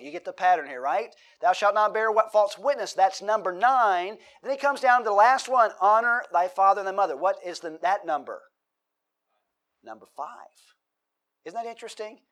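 A middle-aged man, a pastor, preaching a sermon, reading scripture aloud and putting questions to his congregation. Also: fairly high pitch.

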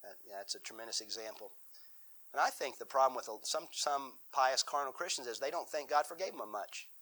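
A man's voice: mid-range voice, expressive, fairly quick, bright, forceful tone, low-quality recording. A man leading a Bible study in a church room, talking in a folksy, conversational way, often restarting and repeating his words. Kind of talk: conversational sermon with Q&A.

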